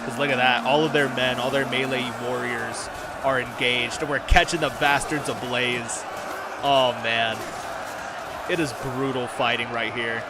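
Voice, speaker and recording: A man giving excited, casual commentary on a battle while streaming a game. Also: mid-range voice, unhurried, heavy background noise. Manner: excited, swears, lots of fillers. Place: home room.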